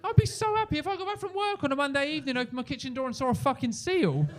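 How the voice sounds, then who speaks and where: A young man doing a stand-up comedy set on a club stage into a handheld mic, animated and jumping into loud high-pitched voices for the people in his stories. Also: very fast, crowd noise.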